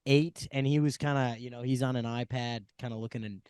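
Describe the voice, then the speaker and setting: A man's voice: mid-range voice, fairly even intonation, a little fast, darkish tone, clear, resonant tone, no room sound, studio quality. A young man co-hosting a comedy podcast, rambling through stories and laughing often. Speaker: podcast co-host. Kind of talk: casual comedic chat.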